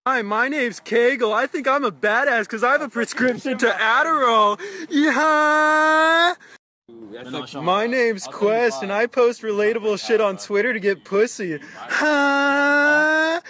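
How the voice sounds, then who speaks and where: Very high, bright teen boy roasting. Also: moderate pace, hardly any pauses. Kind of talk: roast challenge introductions.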